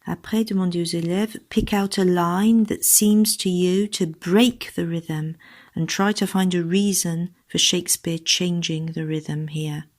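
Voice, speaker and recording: A woman explains how to run a class activity. Her voice sits slightly low, and she reads English model answers aloud between her instructions. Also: steady tone, a little slow. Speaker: teacher trainer. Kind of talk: recorded lesson guidance.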